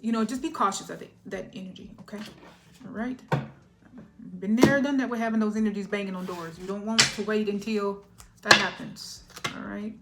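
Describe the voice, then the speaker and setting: Woman, tarot reader, bright forceful tone, chatty, laughs a lot, keeps asking "all right?". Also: mid-range voice. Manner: laughs often, emotional. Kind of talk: collective tarot reading.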